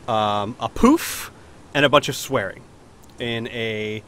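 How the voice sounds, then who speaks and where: A man's voice: medium pitch, takes it slowly, a bit bright. A man narrating a tabletop role-playing game as game master, rambling at times with fillers and restarts.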